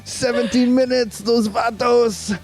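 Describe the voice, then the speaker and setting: High-voiced teasing male co-host. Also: slow pace, faint music behind. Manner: teasing, deadpan jokes. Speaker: podcast co-host. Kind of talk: casual chat.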